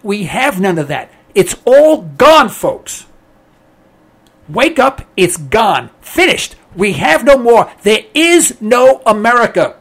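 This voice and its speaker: A man's voice: sits high, very animated, takes it slowly, a bit bright. A man giving a blunt, emphatic ranting monologue on politics, sarcastic and repetitive, hammering his points again and again. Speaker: political commentator.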